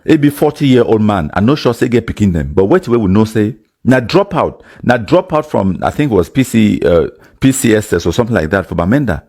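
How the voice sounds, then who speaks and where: Animated man with Cameroonian Pidgin accent. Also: lowish voice, a little fast, hardly any pauses. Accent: Cameroonian Pidgin English. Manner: animated, mixing Pidgin and English. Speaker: commentator. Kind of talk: casual spoken commentary.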